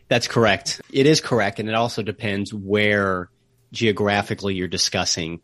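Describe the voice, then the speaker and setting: A lower-pitched man co-hosts a travel podcast from a remote call, talking through history and places in an explanatory way. He slows down to lean on key words. The sound is dry and close. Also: steady tone, a bit bright, no room sound. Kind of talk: casual podcast chat.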